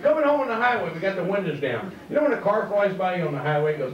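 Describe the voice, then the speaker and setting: A man performing a stand-up comedy set as a loud, laughing storyteller, on stage in a comedy club. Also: high-pitched, lively intonation, a little fast, hardly any pauses, background noise. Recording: echoey, dull club recording from a distance.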